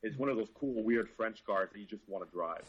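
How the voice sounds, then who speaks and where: A man's voice: lowish voice, a little fast, breathy edge, lo-fi sound. A Canadian car reviewer, a man, chatting casually and with enthusiasm, swearing freely. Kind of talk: casual chat.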